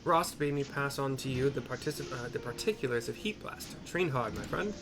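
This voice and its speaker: A man voicing an excitable male noble inventor who speaks in formal, theatrical, archaic phrasing. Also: medium pitch, brisk, over music, lightly acted.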